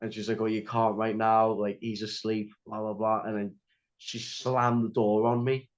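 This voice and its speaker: A man's voice: fairly low pitch, little pitch movement, moderate pace. A young man telling a story as a podcast guest, rambling with lots of "like" and restarts. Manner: rambling, heavy use of "like" and restarts. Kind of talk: casual storytelling interview. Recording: slightly dull lo-fi audio.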